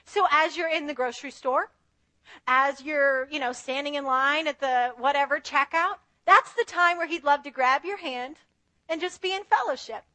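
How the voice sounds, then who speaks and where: Woman preacher, high bright voice, dry close sound, earnest and chatty. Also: no echo. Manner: earnest, conversational, acts out prayers to God. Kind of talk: sermon.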